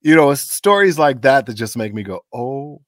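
Animated man telling stories, dry sound. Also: medium pitch, moderate pace, dry recording. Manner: animated storyteller, acts out quoted voices. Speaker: voice actor guest. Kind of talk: casual interview storytelling.

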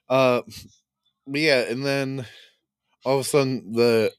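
A man's voice: mid-range voice, drawn-out words, pauses often, clean tone, no room sound, studio quality. A man hosting a podcast in casual chat about a film, laughing often and acting out scenes in quotes. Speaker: podcast host. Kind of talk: casual movie review chat.

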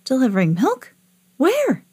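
A woman voicing an eager, hungry young boy adventurer in a storybook, pleading and excited. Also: high-pitched, unhurried, slightly rough, no room sound, clean studio sound, pitched above the performer's own voice, heavily acted.

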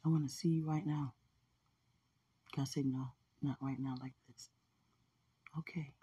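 Soft, dark-voiced woman murmuring heartfelt prayer. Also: rumbling low, steady tone, unhurried, slightly rough. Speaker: podcast speaker. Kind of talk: casual emotional talk about faith and love.

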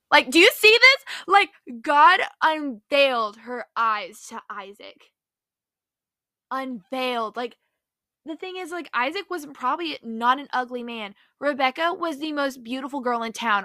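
A young woman retelling a Bible story in a casual, excitable, chatty way and saying "like" often. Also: fairly high pitch, no room sound, clean studio sound. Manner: excitable, chatty, heavy use of "like". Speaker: faith vlogger.

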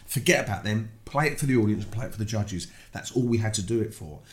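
A British man, a guest, telling a story in casual conversation, animated, acting out the voices he quotes. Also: fast. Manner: animated, acts out quoted voices with big pitch jumps.

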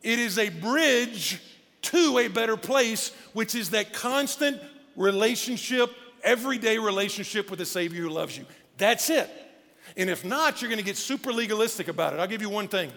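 A male pastor preaching a sermon in a conversational, animated way with casual asides, speaking. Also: high voice, moderate pace, gravelly. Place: church auditorium. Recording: long church hall reverb with faint music.

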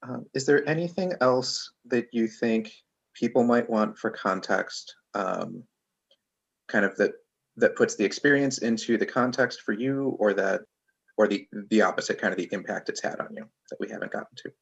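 Husky-voiced interviewer asking gently. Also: medium pitch, moderate pace, highs cut off. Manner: gentle, searching questions with many restarts. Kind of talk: casual oral history interview.

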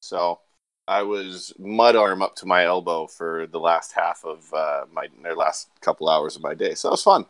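A man's voice: deep voice, level tone, a little slow, a bit bright, no echo. A young man on a casual podcast, laid-back and a bit sarcastic about his work day. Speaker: podcast co-host.

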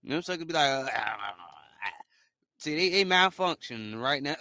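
A man's voice: mid-range voice, lively intonation, normal speed, bright, forceful tone, no echo, clean studio sound. A man giving a preachy motivational monologue on a podcast, repeating his points in loose slangy talk. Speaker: podcast host.

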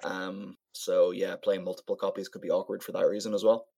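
A man in a casual card-game chat, speaking in a relaxed, matter-of-fact way. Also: sits low, brisk, vocal fry.

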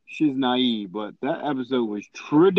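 A man co-hosting a podcast in casual chat, animated and joking. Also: medium pitch, dry recording, muffled recording. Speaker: podcast co-host.

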